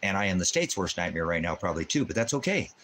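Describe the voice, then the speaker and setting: Rambling, profane channel host with a low voice and faint room noise behind him. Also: male voice, big pitch swings, fast talker, fairly bright tone. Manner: baby talk to his dog. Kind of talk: casual livestream chat.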